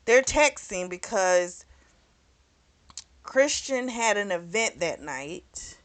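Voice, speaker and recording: A woman's voice: medium pitch, sing-song, slow. A woman vlogger recapping a novel in a loose, chatty way, full of "you know" and "like", with the odd curse word. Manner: chatty, loose and frank, with frequent "you know" and "like" and some cursing. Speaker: book club vlogger. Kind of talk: casual spoken book recap.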